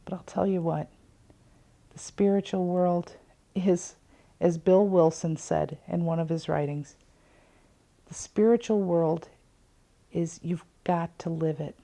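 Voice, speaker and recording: A middle-aged woman speaks to her viewers about her spiritual life with an earnest storytelling manner. Her voice is low and mellow. She often softens to a near-whisper to stress a point. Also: fairly even intonation, slow, creaky, long pauses. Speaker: host of a recovery talk show. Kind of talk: personal spiritual talk to viewers.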